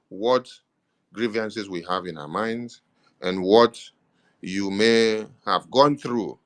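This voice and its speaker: Deep-voiced Nigerian man giving an emphatic address. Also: a bit bright. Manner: emphatic, repeats "yes" to stress points. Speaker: government media minister. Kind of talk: impassioned political address.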